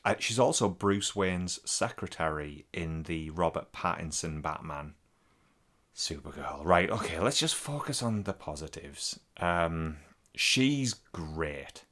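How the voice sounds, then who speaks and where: A man's voice: deep voice, lively intonation, slow, a bit bright. A man, co-hosting a podcast in casual, rambling chat full of swearing. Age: 40s. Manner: sweary, rambling, laughs a lot. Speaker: podcast co-host.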